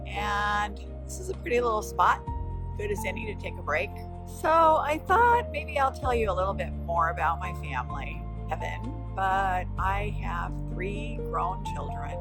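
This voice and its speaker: A woman's voice: medium pitch, rough recording. An older woman hosting a casual vlog outdoors in a park. She tells family stories in a reflective, encouraging way. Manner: warm, reflective, encouraging talk about family. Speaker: host. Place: outdoors in a park, walking and resting. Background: music.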